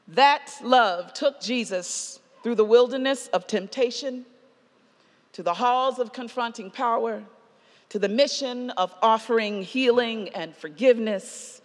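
Woman preaching in a reverberant hall. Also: on the high side. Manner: measured, slows for emphasis, drops soft on key lines. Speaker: pastor. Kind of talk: sermon.

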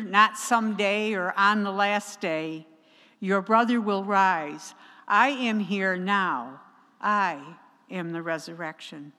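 A woman preaching a sermon in a church, slow and emphatic, with measured pauses. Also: mid-range voice, bright, forceful tone. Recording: long church reverb.

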